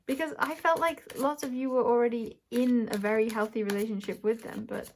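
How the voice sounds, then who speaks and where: A woman's voice: a little high, fairly even intonation, fairly quick, a little hiss or hum. Woman thinking aloud through a tarot reading. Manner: searching, self-correcting, thinks aloud with soft laughs. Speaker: tarot reader. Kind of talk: intuitive tarot reading to camera.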